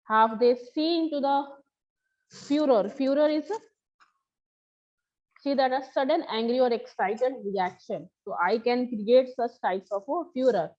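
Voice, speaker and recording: A woman's voice: on the high side, animated, moderate pace. Woman teacher explaining. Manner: explanatory, repeats and paraphrases lines. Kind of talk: explaining a story to a class. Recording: slightly dull lo-fi recording.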